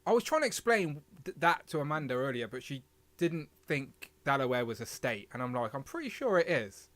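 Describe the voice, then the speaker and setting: A man's voice: mid-range voice, big pitch swings, fairly quick, fairly bright tone, dry recording. A British man hosting a casual live stream, chatty and self-deprecating, rambling as he talks. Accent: British English. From Britain. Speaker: livestream host.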